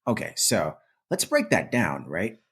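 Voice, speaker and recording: A man's voice: sits low, wildly swooping pitch, measured pace, a bit bright, slightly rough. A man co-hosting a comedic history podcast, telling the story in a playful, mock-exasperated way. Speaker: podcast co-host.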